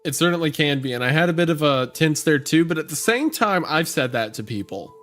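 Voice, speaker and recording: A man's voice: a little high, expressive, a little fast, a bit bright, faint music behind. A man co-hosting a podcast, explaining in an easygoing way. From Southern US. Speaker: podcast co-host.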